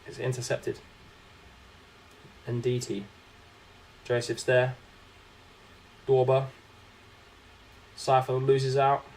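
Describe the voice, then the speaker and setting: A man's voice: medium pitch, completely flat delivery, very slow, long pauses, darkish tone, slight background noise. A young man, chatting casually while commentating his own game on a live stream and answering viewers. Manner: chatty, reacting to the game and reading chat aloud.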